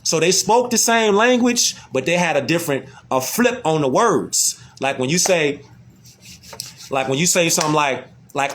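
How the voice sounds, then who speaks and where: Animated Chicago man talking slang. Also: a little high, moderate pace. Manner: loose, slangy, repeats "you know what I'm saying". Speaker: social media talker. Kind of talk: casual monologue.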